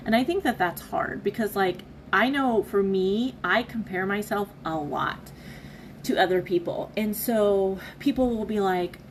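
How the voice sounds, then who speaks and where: A woman reflects on a devotional reading in a candid, heartfelt way. Her speech is halting and earnest, and her voice sits at a middling pitch. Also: a little hiss or hum, rough recording. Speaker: devotional vlogger.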